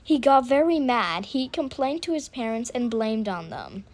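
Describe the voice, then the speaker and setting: A woman improvising a story out loud, often stopping and correcting herself mid-sentence. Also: fairly high pitch, big pitch swings. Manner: halting, with restarts and self-corrections.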